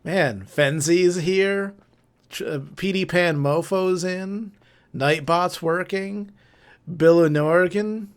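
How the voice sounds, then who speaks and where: A man's voice: high voice, slow, clear, resonant tone. A man co-hosting a live game stream, chatting in a laid-back way, often stammering and restarting as he greets viewers by name. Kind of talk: casual chat.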